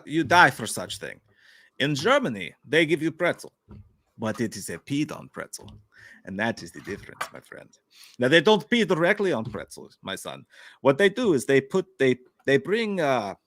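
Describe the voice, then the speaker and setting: A man's voice: a little high, sing-song, moderate pace, fairly bright tone, dry recording, clean studio sound. A man doing a comic voice of a boastful man with a mock Russian accent, speaking in broken grammar and giving mock advice to a friend. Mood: mock-solemn. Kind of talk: comic improvised bit on a live show.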